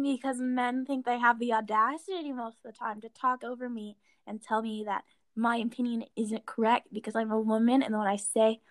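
A young woman rants in a casual chat, heated and exasperated, with "like" scattered through her sentences. Her voice sits fairly high. The recording is dry and close, with no room sound. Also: no room sound. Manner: heated, exasperated, lots of fillers.

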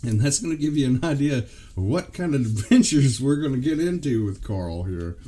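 A man's voice: medium pitch, lively intonation, moderate pace, mellow. A man co-hosting a casual podcast, exasperated and emphatic, swearing freely. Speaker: podcast co-host.

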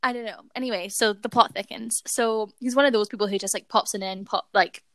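A woman's voice: medium pitch, steady tone, brisk, fairly bright tone, no echo. Young woman chatting on a podcast, giggly storyteller, dead dry mic. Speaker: podcast co-host. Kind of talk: casual chat.

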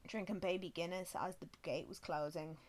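Woman in her twenties, casual sweary storyteller with a slightly low voice. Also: fairly even intonation, moderate pace. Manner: chatty, swears freely, self-mocking. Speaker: vlogger.

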